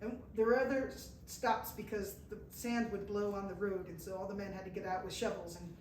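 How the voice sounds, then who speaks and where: A woman's voice: mid-range voice, steady tone, fairly quick, a little mellow. A woman from the United States telling a live travel story to an audience, acting out the people she quotes and laughing at herself. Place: indoor event room with an audience. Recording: echoey room from far off, faint noise.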